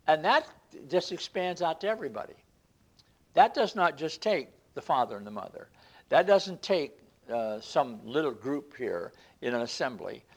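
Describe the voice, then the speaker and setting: A man preaching to a congregation in an easy, conversational teaching way. He stops and restarts his sentences often and lifts into quoted scripture as he explains it. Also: mid-range voice. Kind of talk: sermon.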